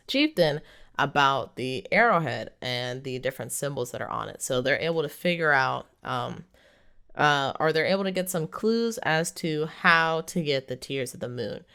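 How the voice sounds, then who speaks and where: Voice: medium pitch, gravelly, pushed and bright, clean tone. A movie reviewer giving a casual, rambling plot recap, full of fillers and frequent chuckles.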